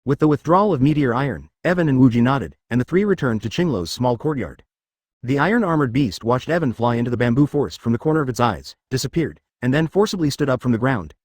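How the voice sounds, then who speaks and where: Man, audiobook narration, fantasy story, quick delivery, animated pitch, dry close sound. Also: dry recording.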